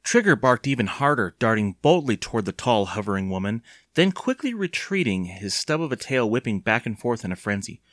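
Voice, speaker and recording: A man reads a children's story aloud in a lively, expressive way, with a pitch that rises and falls freely. The recording is dry and close, with no room sound. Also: fairly quick, dry recording. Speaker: narrator. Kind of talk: audiobook narration.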